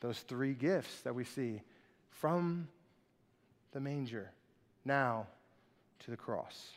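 A man's voice: medium pitch, animated, slow pace. A male pastor preaching a sermon, reading scripture aloud and acting out the mockers in a raised voice. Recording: long hall reverb.

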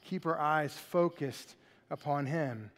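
Animated, high-voiced pastor preaching. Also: male voice, slow pace, in a large hall. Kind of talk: sermon.

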